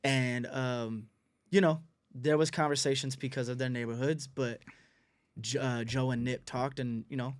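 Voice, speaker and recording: A man who is a music executive, a guest on a podcast, talking in a relaxed, conversational way and laughing often. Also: medium pitch, normal speed, clean tone, dry recording. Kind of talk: casual interview chat.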